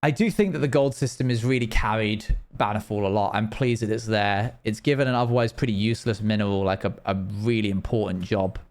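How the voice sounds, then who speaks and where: A man's voice: fairly low pitch, fairly quick, hardly any pauses. A young man chatting casually and rambling while he plays a game on a live stream, laughing now and then.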